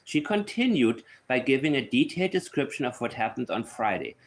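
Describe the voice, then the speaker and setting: A man's voice: mid-range voice, very animated, a little fast. A man giving casual commentary on a case. He is blunt and opinionated and thinks aloud as he goes. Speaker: true crime commentator.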